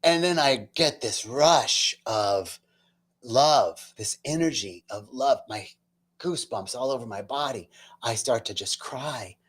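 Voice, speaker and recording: A spiritual talk host with a husky, mid-range voice tells a personal spiritual story slowly, earnest and emotional. He's casual and chatty, throwing in self-mocking asides, and sinks to soft, near-whispered passages before getting loud again.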